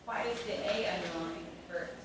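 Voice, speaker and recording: A woman in a teacher workshop asking questions in a halting, hesitant way. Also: fairly low pitch. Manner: hesitant, halting, many ums. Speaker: teacher in training. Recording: echoey room from far off, background noise.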